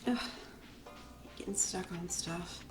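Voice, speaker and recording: A woman's voice: fairly low pitch, slow. Chatty woman narrating her gameplay. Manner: chatty, explaining as she plays. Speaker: let's play host. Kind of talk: casual gameplay commentary. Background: game music.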